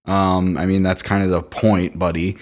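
Low-voiced man with a wry, sarcastic delivery. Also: little pitch movement, moderate pace. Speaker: podcast co-host. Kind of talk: casual chat, reading reviews aloud.

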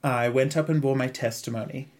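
A man's voice: mid-range voice, brisk. A young man from Zimbabwe with a Zimbabwean accent, telling a story as a podcast guest in casual chat and often breaking into laughter. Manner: animated, laughs often, puts on voices for quoted people.

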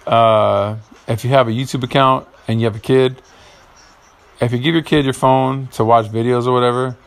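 A man's voice: medium pitch, fairly even intonation, normal speed, gravelly, clean tone. Rambling, cursing man in a garage. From Puerto Rican heritage. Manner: rambling, profane, gets heated. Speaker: podcast host. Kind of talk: casual monologue.

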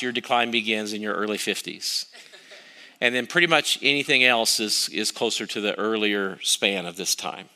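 A man's voice: lowish voice, normal speed, sharp tone. A middle-aged male pastor preaching a sermon, telling a story on himself with wry, self-mocking humor.

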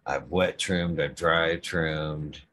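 A man's voice: rumbling low, steady tone, slow pace, a bit bright. A middle-aged man talking casually about growing, rambling and stuttering, with frequent swearing. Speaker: cannabis grower guest. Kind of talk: casual podcast conversation.

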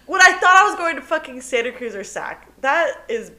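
A young woman co-hosting a podcast, telling a story in casual chat, animated and cursing freely, laughing as she goes. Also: high voice, a little fast, few pauses. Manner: animated, swears often, laughs through her story. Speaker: podcast co-host.

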